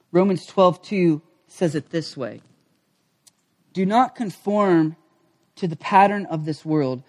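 A male pastor delivering a sermon with lively, animated energy. His voice swings between excited, raised moments and quiet, low-pitched stretches.

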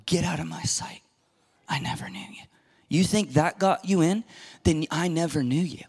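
A middle-aged man preaching a sermon as pastor, emphatic and animated, acting out quoted voices and dropping at times to a whisper. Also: a little high, moderate pace, vocal fry, slightly rough.

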